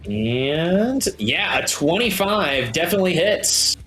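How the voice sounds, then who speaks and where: A man narrates a tabletop game as its game master. He talks slowly and haltingly, full of fillers, in a slightly raised voice. Soft guitar music plays faintly behind him. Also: a little high. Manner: relaxed, halting with many fillers.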